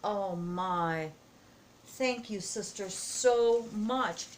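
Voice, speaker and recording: A woman vlogging at home as she opens happy mail, excited, gasping and halting with many fillers. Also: mid-range voice, a little hiss or hum. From United States. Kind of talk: casual vlog chat. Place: home, indoors.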